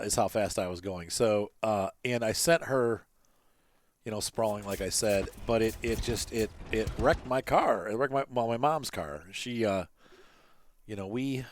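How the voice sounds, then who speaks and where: A man hosting a farming game playthrough, chatting casually and rambling through a personal story with many fillers and restarts. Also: medium pitch. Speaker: gaming channel host. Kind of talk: casual let's-play commentary with storytelling.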